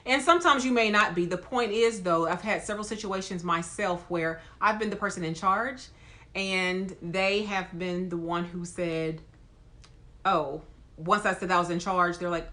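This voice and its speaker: A woman who works as a nurse, talking straight to her viewers in an emphatic, lively way. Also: on the low side, normal speed. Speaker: nurse and video host. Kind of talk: casual talk to camera.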